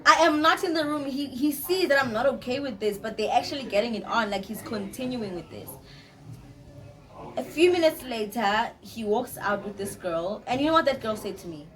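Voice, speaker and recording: Young woman telling a storytime to camera, animated, keeps repeating herself. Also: on the high side, normal speed. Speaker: storytime vlogger.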